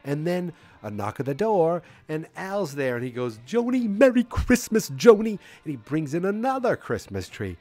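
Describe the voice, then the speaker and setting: A man's voice: on the high side, very animated, normal speed, hardly any pauses, a little mellow, no echo, faint music behind. A man hosting a podcast, recapping casually in a rambling way with many fillers and restarts. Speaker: podcast host.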